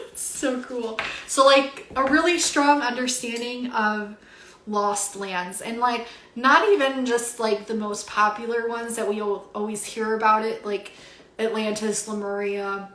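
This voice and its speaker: A woman's voice: a little high, a bit bright. Teary, gushing woman reading cards. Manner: gushing, filler-heavy, breathy with awe. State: teary, emotional. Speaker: livestream card reader. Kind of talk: emotional spiritual card reading. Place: home livestream. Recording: roomy echo.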